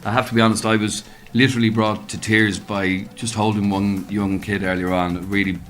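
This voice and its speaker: A man hosting a radio phone show, brisk and jokey, quick to move the talk along. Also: on the low side, level tone, fairly bright tone. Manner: brisk, deflecting with jokey urgency.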